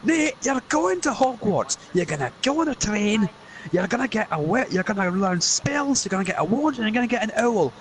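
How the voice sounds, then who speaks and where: A gruff, bullying Scottish giant, as a man puts him on, bellowing crude orders in a voice pushed far above the man's own. His pitch swings widely, and a faint hum runs behind him. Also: big pitch swings, fairly quick. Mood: bossy. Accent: mock Scottish.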